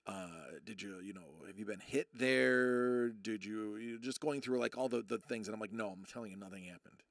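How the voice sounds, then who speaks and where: A man in his thirties rambling through a personal story to his live chat, often restarting and quoting people in a lowered voice. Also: normal speed, vocal fry, no echo, studio quality. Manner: rambling, self-interrupting, acts out quotes in a low voice. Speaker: streamer.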